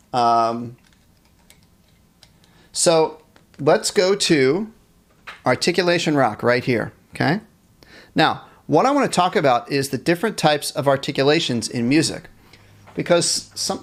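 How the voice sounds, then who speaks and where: A man teaching a live-streamed band lesson, explaining instrument technique, reading viewers' chat and counting off rhythms for them to play along. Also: mid-range voice. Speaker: music teacher.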